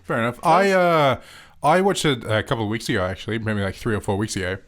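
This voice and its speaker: A man's voice: medium pitch, fast talker. Enthusiastic Australian man hosting. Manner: enthusiastic, jokey, slangy. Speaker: podcast host. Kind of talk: casual film podcast chat.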